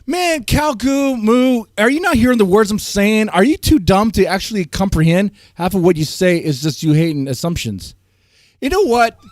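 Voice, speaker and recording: A male streamer rants at his chat in a high, lively voice that leaps from shouted outbursts down to low mutters. His voice sounds strained, and he keeps clearing his throat. The sound is close and dry. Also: dry recording. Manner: heated, swings from loud outbursts to low muttering. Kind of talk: ranting livestream commentary to chat.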